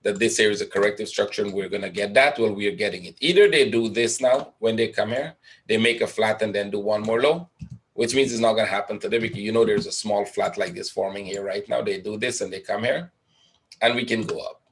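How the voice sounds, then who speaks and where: Speaking briskly in a fairly low, fairly bright voice, a man teaches a live trading webinar. He reasons out loud over a chart, poses questions and answers them himself, with frequent "right?" tags.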